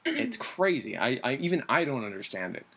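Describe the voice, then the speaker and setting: A man hosting a casual podcast, rambling and excitable, acting out the scenes he retells. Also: fairly quick, breathy edge. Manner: excitable, acts out scenes with sudden jumps in pitch; rambling, many fillers. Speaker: podcast host. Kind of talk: casual TV recap chat.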